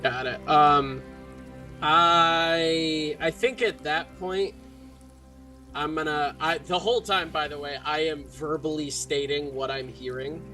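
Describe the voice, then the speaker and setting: A man playing a tabletop game, talking casually and getting excited. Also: a little high, soft background music. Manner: excitable, quick. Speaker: player.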